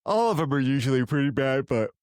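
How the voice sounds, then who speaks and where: A man co-hosting a podcast, recapping an old sitcom episode in a rambling, relaxed way. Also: medium pitch, fast, no room sound, clean studio sound. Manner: rambling, relaxed storytelling with fillers. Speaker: podcast co-host. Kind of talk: casual recap chat.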